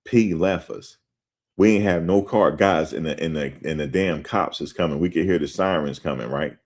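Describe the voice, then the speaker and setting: Low-voiced man telling a story. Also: normal speed. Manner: animated, conversational, addresses listeners directly as "guys". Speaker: show host. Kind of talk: casual spoken storytelling and commentary.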